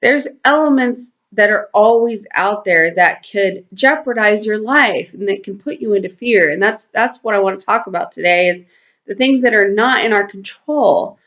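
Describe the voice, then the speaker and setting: A woman's voice: medium pitch, normal speed, fairly bright tone. A woman talking earnestly to camera in a personal spiritual vlog, rambling with lots of fillers and restarts, in a slightly lo-fi home video. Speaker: spiritual talk host.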